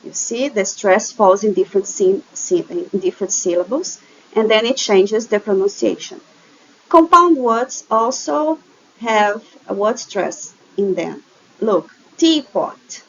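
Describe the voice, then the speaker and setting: A woman's voice: mid-range voice, lively intonation, measured pace, dull audio. A woman English teacher with a Brazilian Portuguese accent, patiently explaining slides in a recorded online lesson and checking in often with "okay?".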